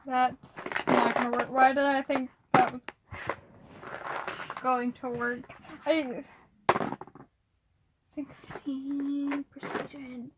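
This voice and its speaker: A young woman running a casual tabletop game as game master, rambling and halting with many fillers. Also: sits high, little pitch movement. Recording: faint background noise.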